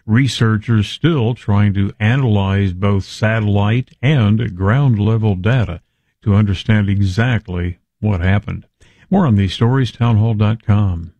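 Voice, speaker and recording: Male news anchor, lowish voice, dry studio sound, clipped headline reads. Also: dark tone, no room sound, highs cut off. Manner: measured, clipped headline delivery. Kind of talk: radio newscast.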